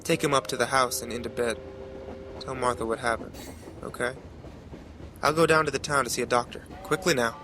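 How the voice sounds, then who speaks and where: A man voicing a violent rural father who speaks in a slow, calm, menacing way. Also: mid-range voice, background noise, lightly acted. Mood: falsely caring.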